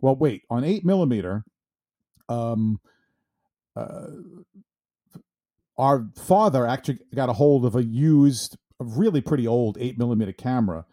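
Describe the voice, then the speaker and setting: A man's voice: medium pitch, expressive, unhurried, long pauses, dark tone, dry recording, studio quality. A middle-aged man co-hosting a podcast, explaining old film formats hesitantly with many fillers. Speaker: podcast co-host. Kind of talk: casual chat.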